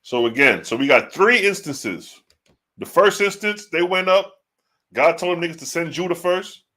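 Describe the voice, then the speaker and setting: Man, livestream Bible commentary, slangy preachy talk, rhetorical questions, bright edgy tone, fairly high voice. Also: expressive, normal speed. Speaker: online religious teacher.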